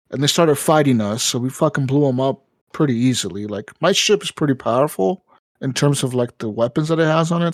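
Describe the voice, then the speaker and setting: This dry recording captures a man with a slightly high voice co-hosting a casual gaming podcast. He's profane and energetic, swearing freely while telling animated stories.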